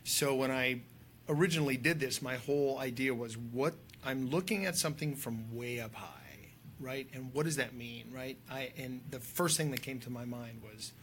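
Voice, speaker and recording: A man speaking as a guest on a casual podcast chat, telling stories in an animated, conversational way with filler words. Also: medium pitch, moderate pace, slight background noise. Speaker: guest filmmaker and drone pilot.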